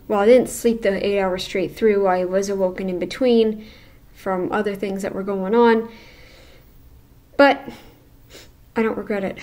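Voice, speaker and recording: A woman's voice: medium pitch, a little mellow. A woman hosting a reaction channel, talking back at a video with blunt, sarcastic commentary.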